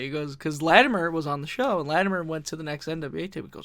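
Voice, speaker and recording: A man telling wrestling stories in a casual podcast chat, animated, often laughing, swearing freely and acting out quotes. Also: high voice, quick pace, no room sound. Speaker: podcast guest. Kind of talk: casual storytelling.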